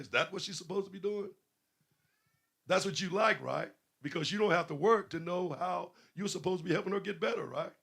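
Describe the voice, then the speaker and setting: A man's voice: high voice, lively intonation, normal speed, gravelly, a bit bright. A man preaching a sermon, questioning his listeners and building emphasis. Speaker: pastor.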